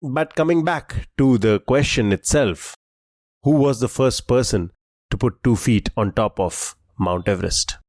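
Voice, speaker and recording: A man co-hosting a trivia podcast, relaxed and explanatory, filling pauses with "uh" while he lays out facts. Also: mid-range voice, no echo, studio quality. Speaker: quiz podcast co-host. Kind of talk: casual quiz podcast chat.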